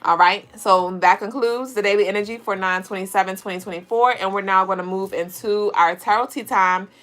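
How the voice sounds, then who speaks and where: Speaking a little fast in a mid-range, somewhat bright voice, this livestream tarot reader and astrology host keeps things playful and talkative. She laughs a lot and addresses the people in her chat.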